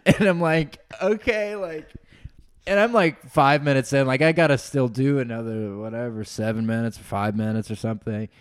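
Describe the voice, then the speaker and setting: A man, a stand-up comedian, telling a story in casual chat, animated and laughing, full of fillers. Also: medium pitch, no room sound, studio quality.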